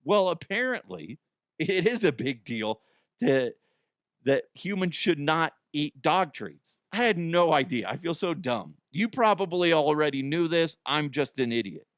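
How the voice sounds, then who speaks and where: Animated, lively-voiced comedy host. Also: male voice, fairly high pitch, unhurried, dry recording, clean studio sound. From United States. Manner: animated, profane, self-mocking. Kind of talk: crude comedic monologue.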